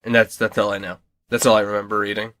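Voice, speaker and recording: A man's voice: fairly low pitch, level tone, fast, a bit bright. Rambling young man chatting casually. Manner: rambling, many fillers and restarts. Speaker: podcast co-host. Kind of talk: casual chat.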